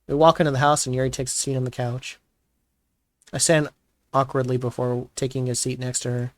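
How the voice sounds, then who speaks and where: A male host giving a comedic dramatic reading of fan fiction, mostly deadpan with loud, exasperated outbursts. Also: mid-range voice, fairly quick, no echo.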